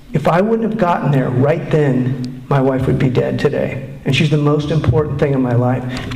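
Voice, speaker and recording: A middle-aged man giving candid personal testimony as a speaker at a recovery meeting, earnest and halting, often restarting his sentences. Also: a little high, a little mellow, a little hiss or hum. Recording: echoey room.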